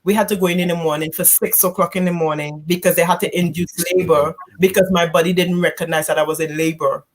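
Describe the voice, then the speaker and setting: A woman, a guest giving a candid personal testimony in a church couch conversation, halting and emotional. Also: lowish voice, steady tone. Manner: halting, emotional, re-enacts quoted speech loudly.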